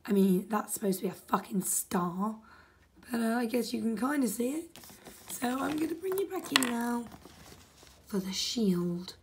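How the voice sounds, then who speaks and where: Very breathy woman muttering angrily. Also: fairly high pitch, lively intonation, moderate pace, a little mellow. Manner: exasperated and sweary, often muttering under her breath. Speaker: video creator. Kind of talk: frustrated casual vlog commentary.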